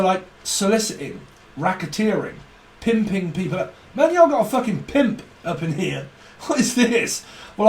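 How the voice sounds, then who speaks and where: A man's voice: high-pitched, reverberant, recorded from a distance. A man giving a rambling, profane tarot reading, laughing often as he talks. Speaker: tarot reader.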